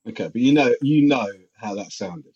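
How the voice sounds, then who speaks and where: A man co-hosting a podcast, teasing his partner with quick retorts in casual comedic chat. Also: medium pitch, animated, a little mellow, slightly rough. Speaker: podcast co-host. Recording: slightly dull lo-fi sound.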